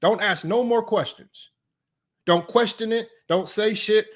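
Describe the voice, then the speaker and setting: High-voiced blunt sports stream host. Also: male voice, measured pace. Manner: blunt, sarcastic, addresses viewers directly as y'all. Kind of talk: live-streamed sports analysis, reading stats aloud.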